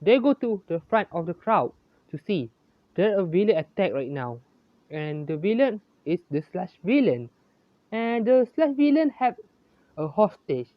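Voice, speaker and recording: Amateur narrator for a fan story, halting and self-correcting, lively in pitch, slow. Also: dry recording. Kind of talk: reading a homemade fan story aloud. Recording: dull, lo-fi, dry.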